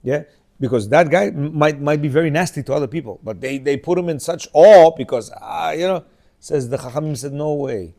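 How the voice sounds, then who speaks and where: Animated man in his fifties, higher voice. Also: a little fast, gravelly. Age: 50s. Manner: animated storyteller, acts out dialogue in changing voices; asks listeners rhetorical questions. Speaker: religious class teacher. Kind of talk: informal religious class talk.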